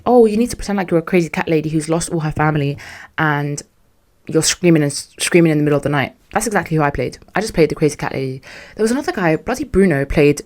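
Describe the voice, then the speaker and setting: A woman's voice: deep voice, a little mellow. Slangy, exasperated young woman podcaster. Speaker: podcast host. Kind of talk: casual storytelling monologue.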